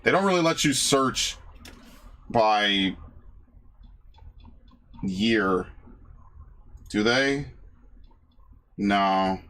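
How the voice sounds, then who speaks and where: Loose, swearing man with a lively voice. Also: on the low side, very slow, long pauses. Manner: loose, profane, laughing. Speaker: gaming channel host. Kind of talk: casual commentary over old videos.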